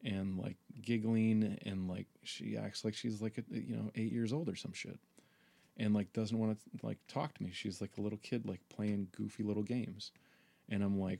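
A man's voice: lowish voice, a little slow, creaky, warm tone. A man hosting a podcast, telling a personal story in a rambling, profane monologue full of fillers. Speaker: podcast host.

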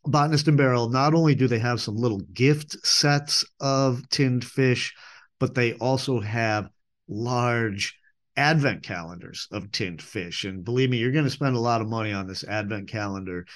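A man's voice: medium pitch, normal speed. Chatty rambling male podcast host. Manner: rambling, chatty, self-correcting with many fillers. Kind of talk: casual podcast monologue.

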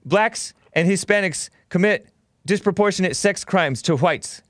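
A man's voice: sits high, unhurried, a bit bright, no echo. A man hosting a call-in talk show, arguing with and interrupting callers.

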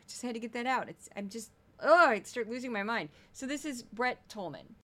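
A woman from Missouri hosting a casual, sarcastic commentary show, mocking news clips with animated asides. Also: a little high, normal speed. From Missouri, United States. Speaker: political commentary host.

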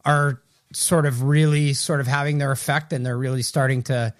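A man's voice: mid-range voice, level tone, normal speed. A man co-hosting a hockey podcast, talking in a loose, rambling way with many restarts. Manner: rambling, self-correcting, loose. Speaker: podcast co-host, hockey writer. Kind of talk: casual podcast chat.

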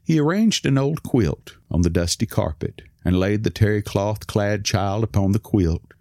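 A man narrating a story in a calm, measured reading. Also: lowish voice, no echo, studio quality. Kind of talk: scripted narration.

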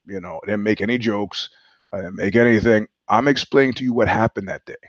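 A low-pitched man hosts a podcast in a rambling storytelling monologue, cursing casually and laughing mid-sentence. The audio is dry and close, with a dull, lo-fi tone. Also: fairly quick, no echo. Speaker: podcast host.

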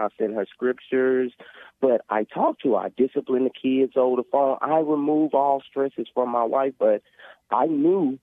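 Earnest man on a tinny phone line. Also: mid-range voice. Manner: earnest, preachy, rambling with restarts. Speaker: caller. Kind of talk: emotional phone call to a talk show.

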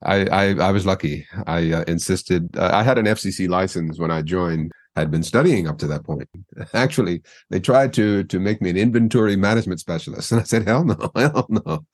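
A man's voice: low voice, brisk, no echo, clean studio sound. An older man with a Mid-Atlantic American broadcast accent, a former news anchor talking casually as an interview guest, stumbling over words and laughing easily. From United States.

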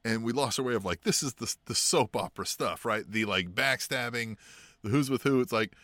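A man co-hosting a casual wrestling podcast, often laughing and chiming in with quick agreement. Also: mid-range voice, fairly bright tone, no echo. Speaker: podcast co-host.

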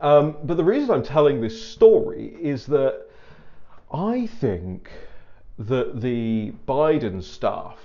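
A man's voice: mid-range voice, very animated, slow, warm tone. Chatty man, muffled recording. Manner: chatty, digressive storyteller who acts out dialogue. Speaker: political commentator. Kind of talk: casual spoken commentary.

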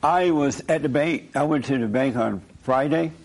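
A man's voice: medium pitch, moderate pace, darkish tone. A man hosting a call-in talk show, preaching emphatically and repeating his points. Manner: emphatic, repeats points, chuckles while telling stories. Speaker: host.

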